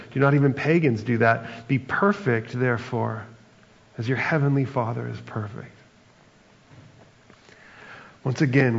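Gravelly guy preaching, chatty and thoughtful, muffled audio with long echo. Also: medium pitch. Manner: conversational, reflective preaching with fillers like "right?" and "like". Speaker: pastor. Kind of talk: sermon. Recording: dull, lo-fi sound with long reverb.

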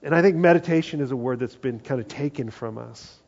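A man preaching a conversational sermon, acting out quoted voices and often dropping to a hushed tone. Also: medium pitch, fairly quick, gravelly. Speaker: pastor. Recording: dull lo-fi sound.

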